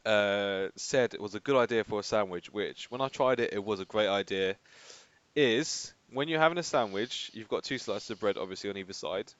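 A man's voice: lowish voice, normal speed, a bit bright, clear, resonant tone. A young man co-hosting a podcast, easygoing and encouraging in casual chat. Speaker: podcast co-host. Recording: dry, slightly dull podcast mic.

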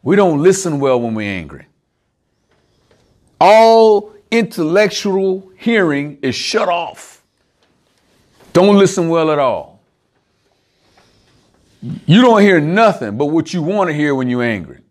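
High-voiced man preaching casually. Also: sing-song, slow pace, long pauses, a little mellow. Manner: conversational, asks the group rhetorical questions, chuckles often. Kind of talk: informal sermon to a small group.

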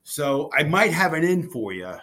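A man being interviewed about his cookbook, telling stories in a rambling, excitable way with many restarts, and he sounds jet-lagged. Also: a little high, normal speed. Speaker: cookbook author guest. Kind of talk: casual podcast interview.

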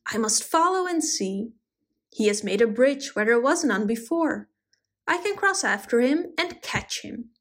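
A woman's voice: a little high, lively intonation, a little slow, fairly bright tone. A woman voicing a scheming, boastful male fox who snickers and howls his taunts in a storybook reading. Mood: sly.

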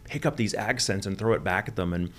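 In a podcast interview, a Texan voice actor in his forties tells his story candidly, swearing and poking fun at himself. He speaks a little fast, and his low voice has a bit of brightness.

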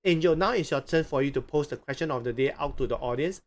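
A man hosting a live interview show, speaking deliberately with hesitant fillers and repeating phrases slowly. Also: on the high side.

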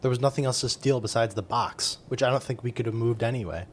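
A man's voice: mid-range voice, fast talker, a little hiss or hum. Joking man playing a tabletop game. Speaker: player. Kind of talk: casual game chat.

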